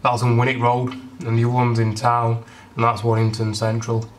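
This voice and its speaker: A man's voice: mid-range voice, completely flat delivery, normal speed. A young man chatting casually in a home vlog, eating as he talks, sounding congested from a cold. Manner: chatty, rambling, eats while talking. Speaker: fitness vlogger. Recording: distant camera mic, noisy room.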